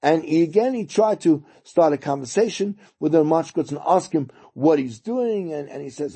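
A man telling a story during a lesson, halting and repeating words as he goes. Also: on the high side, dark tone, slightly rough. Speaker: teacher.

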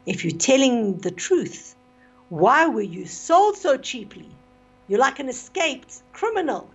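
A woman's voice: sits high, very animated, measured pace, husky, voice pushed up, exaggerated voice. A woman doing a sneering caravan trader. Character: gruff caravan trader, contemptuous.

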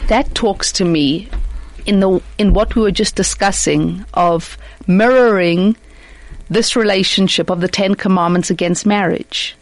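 A woman discussing marriage through religious teaching, expressive and acting out imagined voices. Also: mid-range voice, unhurried, no room sound, rough recording.

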